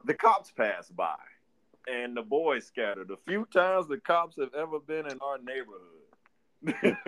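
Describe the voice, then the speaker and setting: A young man from Detroit telling a neighborhood story on a casual podcast. His pitch sits in a middle range, and he laughs often and acts out the other people's lines as he goes. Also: expressive, slow, fairly bright tone. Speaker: podcast co-host.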